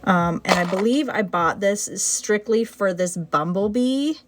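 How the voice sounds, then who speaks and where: A woman chatting casually on a livestream as she sorts her buttons, excitable and talking to them as she goes. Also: medium pitch, unhurried, a little hiss or hum. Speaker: button seller sorting her finds on a livestream. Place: indoor room.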